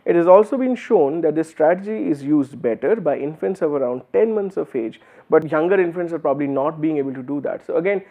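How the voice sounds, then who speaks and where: A man's voice: fairly high pitch, lively intonation, a little fast, hardly any pauses. Indian-English male lecturer, tinny sound. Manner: explanatory, uses many fillers and restarts. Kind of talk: university lecture. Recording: phone-like narrow band.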